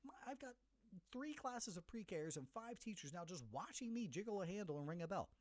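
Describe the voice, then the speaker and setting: Speaking a little fast in a high-pitched voice, this middle-aged solo podcast host spins an animated story. He performs the voices of the different people who appear in it.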